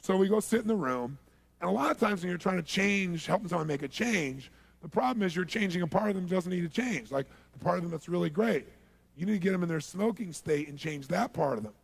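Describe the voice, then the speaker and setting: Gravelly, husky-voiced male seminar speaker. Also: sits high, fast, no echo. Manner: animated, acts out dialogue, asks the audience for agreement. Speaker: motivational speaker. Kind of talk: seminar storytelling to a live audience.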